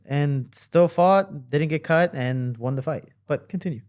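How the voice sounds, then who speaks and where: A young man, a fighter and podcast guest, telling a story in a casual, animated way and acting out the voices in his quotes. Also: on the high side, normal speed.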